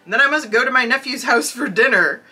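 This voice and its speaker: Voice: quick pace, slightly rough. A podcaster putting on a frantic old miser Scrooge. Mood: overjoyed. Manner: high, loud, pleading cries.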